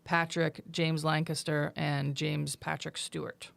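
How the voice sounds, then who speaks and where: A woman's voice: low-pitched, little pitch movement, a little slow, creaky, no room sound. A woman co-hosting a talk show, chatting casually and reading out details. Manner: reads out details, laughs easily. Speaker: co-host. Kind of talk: casual chat.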